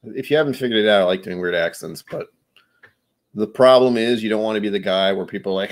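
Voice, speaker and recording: Low-voiced male livestream host, a few whiskeys in, loose and self-deprecating. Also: quick pace. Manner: loose, self-mocking, jokey asides. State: a bit tipsy from whiskey. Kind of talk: casual rambling livestream chat.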